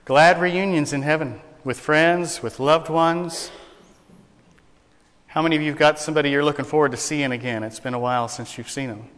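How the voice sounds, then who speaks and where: A man's voice: a little high, fairly even intonation, moderate pace, a bit bright, big-room sound. A man preaching a sermon to a congregation, folksy and joking, telling jokes as he goes. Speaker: pastor. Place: church sanctuary.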